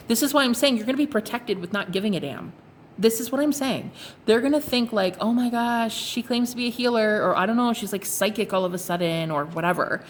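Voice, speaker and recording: A woman's voice: medium pitch, a little hiss or hum. A young woman casually reading tarot cards for her viewers, chatty and rambling with fillers and restarts. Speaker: tarot card reader.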